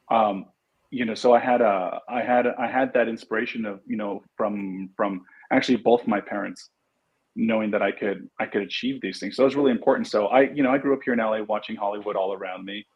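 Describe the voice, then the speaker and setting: A man's voice: lowish voice, slightly rough, lo-fi sound. A middle-aged man from Los Angeles, a guest actor and producer, telling stories in casual interview chat and acting out the lines he quotes. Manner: animated storyteller, acts out quotes.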